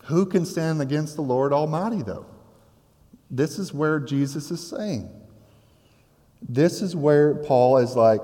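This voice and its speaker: A man's voice: fairly high pitch, unhurried. Conversational male preacher in a reverberant hall. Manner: conversational, animated preaching with casual asides. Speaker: pastor. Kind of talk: sermon.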